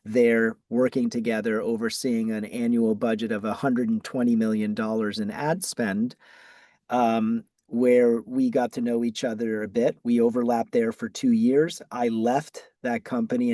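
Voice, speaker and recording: A middle-aged man from Massachusetts with a Boston accent, answering interview questions in a measured way with frequent ums and restarts. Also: mid-range voice, little pitch movement, mellow, no room sound. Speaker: guest, ad agency founder.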